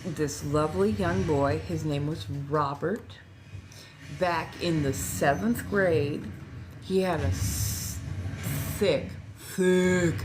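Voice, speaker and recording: Woman, low voice, Californian accent, relaxed chatty livestream host, faint background noise. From Southern California. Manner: chatty, repeats herself, reads and answers chat. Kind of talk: casual livestream chat.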